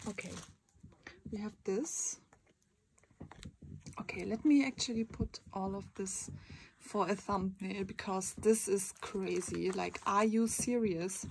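Giggly, slow-talking woman unboxing with crinkling. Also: medium pitch, gravelly. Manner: gushing and giggly, squeals and exclaims often. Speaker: vlogger. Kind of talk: casual unboxing chat. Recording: crinkling packaging noise behind. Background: bubble wrap and packaging crinkles.

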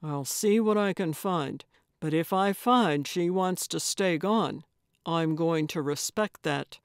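A woman voicing a guarded, gruff man in hiding, curt and wary in an audiobook. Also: slow, no echo, clean studio sound. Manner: curt, wary, low-key.

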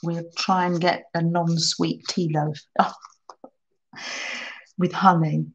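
A woman hosting a live crafting stream, chatting warmly with viewers and answering their comments as she works. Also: on the low side, flat delivery, slow pace, highs cut off. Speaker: crafting channel host.

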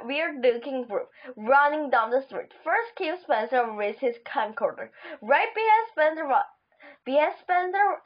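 A woman reading a children's book aloud, halting and stumbling over words. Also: high voice. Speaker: audiobook reader. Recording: dull lo-fi recording.

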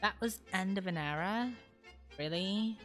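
Woman streamer, slow easy talk, bright voice, swears freely, faint music behind. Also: medium pitch. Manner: laid-back, swearing freely. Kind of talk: casual chat with stream viewers.

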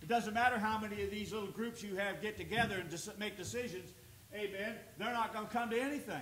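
A man's voice: high-pitched, fast talker, a bit bright. A male pastor preaching a sermon, reading scripture aloud and building emphasis. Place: church sanctuary. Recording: echoey church room with faint noise.

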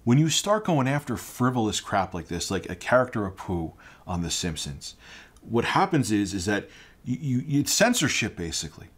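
A man's voice: on the low side, big pitch swings, moderate pace, breathy edge. A man giving ranting opinion commentary, indignant and heated, firing off rhetorical questions. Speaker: online commentator.

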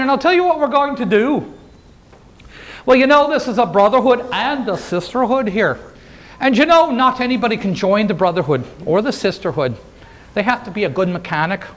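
A man performing as a jovial union organizer from the 1880s, folksy and full of jokes as he works the crowd. His voice sits high for a man. He talks straight to the audience in a first-person historical role-play. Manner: folksy, joking, addresses the crowd directly. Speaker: living-history presenter.

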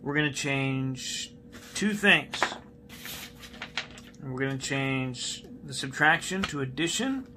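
A man's voice: mid-range voice, lively intonation, slow, pauses often, noisy background. A male math teacher giving a recorded classroom lesson, patiently repeating key steps and asking students questions while he writes on a board.

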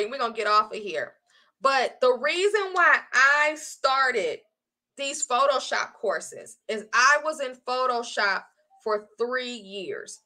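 A woman selling her online design course in casual live-stream chat, animated and chatty, often calling her viewers y'all. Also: high voice.

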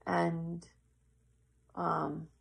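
A woman in casual, earnest storytelling, halting and acting out the voices of the people in her story. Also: on the low side, level tone, creaky. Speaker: yoga teacher.

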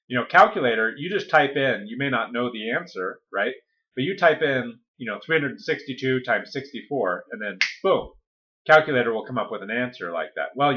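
A man's voice: mid-range voice, lo-fi sound. A man coaching listeners in a casual, conversational talk, often checking in with "okay?" and "right?". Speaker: weight-loss coach.

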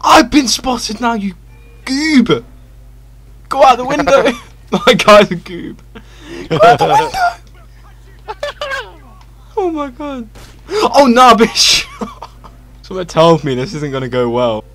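A young man giving casual, excitable co-op gameplay commentary, laughing and yelling at his teammate. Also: very high voice, slow, pauses often, a crowd in the background. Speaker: gaming channel host.

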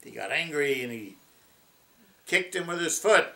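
Slow-talking pastor guy telling a story to his congregation, unhurried. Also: a little high, lively intonation, vocal fry, bright, forceful tone. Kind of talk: sermon with storytelling.

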